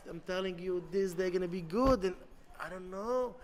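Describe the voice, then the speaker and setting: Impassioned rabbi preaching in a hall. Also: male voice, high voice, lively intonation. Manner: impassioned, halting with many restarts, bursts into shouting. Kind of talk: sermon. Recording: long hall reverb.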